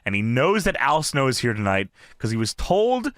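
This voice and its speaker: A man's voice: medium pitch, sing-song, moderate pace, fairly bright tone, no room sound, studio quality. A young man in a casual, profane chat, laughing as he retells scenes. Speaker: commentator.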